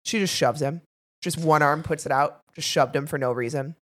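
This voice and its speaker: A woman co-hosting a podcast, chatting casually and telling expressive stories. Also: sits low, moderate pace. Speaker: podcast co-host. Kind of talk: casual chat.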